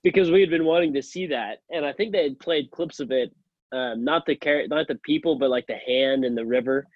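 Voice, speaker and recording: A man co-hosting a podcast, chatting in a relaxed way with dry humor. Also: mid-range voice, brisk, dry recording, highs cut off. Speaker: podcast co-host. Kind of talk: casual chat.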